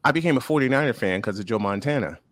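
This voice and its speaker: A man from Chicago hosting a casual sports chat, animated and quick to laugh. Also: medium pitch, no echo. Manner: lively, animated, laughs often. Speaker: host.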